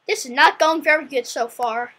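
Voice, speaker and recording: Excitable high bright-voiced female host. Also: moderate pace. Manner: excitable, shrieks when things go right or wrong. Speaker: channel host. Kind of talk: casual chat while coding a game.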